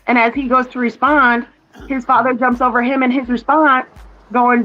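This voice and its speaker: Heard over the phone with dull audio, a mother chatting casually with a relative rambles through a family story, quoting what others said. Her voice is a little high and flat, at normal speed.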